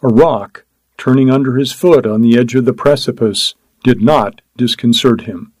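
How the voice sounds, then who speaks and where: A man narrating a story aloud in a measured, descriptive reading. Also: mid-range voice, darkish tone, dry recording, poor audio. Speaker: audiobook narrator. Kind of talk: scripted narration.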